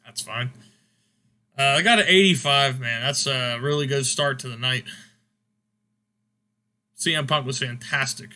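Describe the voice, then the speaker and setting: A man's voice: mid-range voice, a little slow, pauses often, sharp tone. A man hosting a casual game recap, rambling with fillers as he scores each segment. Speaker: host.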